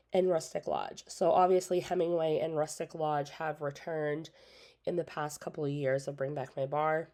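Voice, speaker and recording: A woman with a low-pitched voice chats her way through an old product catalog. She is casual and opinionated, often adds "like" and "so", and talks around a cough drop in her mouth. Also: mellow. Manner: chatty, opinionated, lots of "like" and "so". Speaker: independent scent consultant and channel host.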